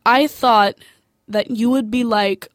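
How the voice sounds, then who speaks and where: A woman's voice: on the high side, steady tone, takes it slowly, no echo, studio quality. A woman telling, as a parent, of her son coming out, with emotional stammering restarts. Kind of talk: personal storytelling.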